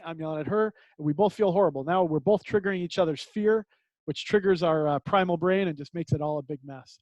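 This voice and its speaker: A man's voice: on the high side, a little mellow, no room sound, poor audio. A middle-aged man telling a personal story to a support group over a video call, candid, earnest and self-deprecating.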